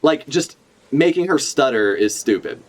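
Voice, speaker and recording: A man talking casually to his stream about a comic chapter, his voice sitting at an ordinary middle pitch. He rambles, swears freely and keeps correcting himself mid-sentence. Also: expressive, a little slow. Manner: rambling, profane, self-correcting. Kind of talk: casual live reaction chat.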